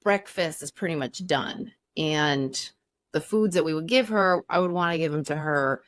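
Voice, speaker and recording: Chatty laughing mom co-host, lowish voice. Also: female voice, normal speed, no echo, clean studio sound. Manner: laughing, chatty, swears casually. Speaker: podcast co-host. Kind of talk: casual chat.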